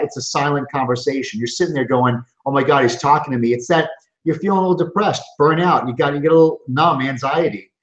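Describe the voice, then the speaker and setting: A middle-aged man, a chiropractor, giving an earnest, emphatic motivational webinar talk from his office, often restarting his sentences. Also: on the high side. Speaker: chiropractor and coaching group founder. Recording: roomy, dull lo-fi sound.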